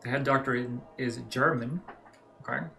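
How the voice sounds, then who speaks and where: A man's voice: medium pitch, steady tone, normal speed, gravelly, sharp tone, slight background noise. A man talking through a horror game, casual let's-play commentary with chatty asides to himself. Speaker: gaming channel host.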